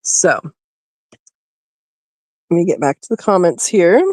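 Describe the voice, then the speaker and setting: A woman's voice: lowish voice, expressive, takes it slowly, a little mellow, no room sound. A woman hosting a homesteading live stream, chatting casually and talking sweetly to her rabbit, recorded on a phone. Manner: coos and talks to her rabbit, laughs often. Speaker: homesteading livestream host. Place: outdoors by a rabbit hutch.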